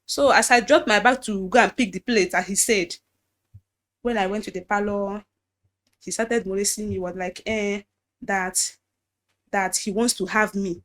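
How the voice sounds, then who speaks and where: A woman with a Nigerian accent, a native Igbo speaker, giving a personal testimony in a halting way, often restarting and repeating phrases. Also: medium pitch, fairly even intonation, a bit bright. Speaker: guest telling her story.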